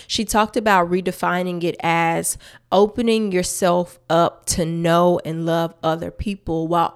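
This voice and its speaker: A woman's voice: on the low side, clear, resonant tone. A woman hosting a faith-based podcast, talking earnestly and emphatically straight to her listeners. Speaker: podcast host.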